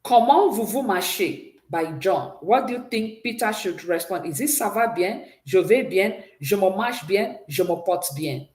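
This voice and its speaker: Woman, French teacher. Patient and encouraging, leads repeat-after-me drills, mid-pitched voice, roomy echo. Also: expressive, normal speed, hardly any pauses, a little mellow. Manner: patient, praises often, drills pronunciation with repeat-after-me prompts. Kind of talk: exam-prep language lesson.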